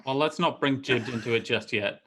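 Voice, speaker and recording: A man playing his character in a tabletop game, joking and quick to laugh. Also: medium pitch, a bit bright, a little hiss or hum. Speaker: player. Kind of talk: in-character banter.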